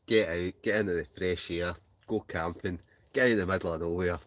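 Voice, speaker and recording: A man's voice: low voice, fairly even intonation, a little fast, fairly bright tone. A Scottish man hosting a casual live stream from a heated camping tent, bantering and laughing as he reads out viewer messages. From Scotland.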